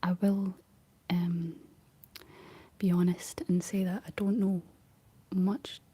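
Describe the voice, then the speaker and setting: A Scottish woman whispering softly in a rambling ASMR chat, answering her livestream viewers. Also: lowish voice, flat delivery, slow pace, husky, no echo. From Scotland.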